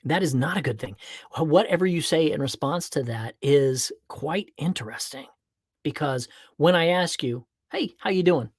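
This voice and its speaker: Man, podcast host, casual and playful, animated asides, dry close recording. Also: on the high side, normal speed, slightly rough, no echo. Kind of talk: casual livestream chat and podcast monologue.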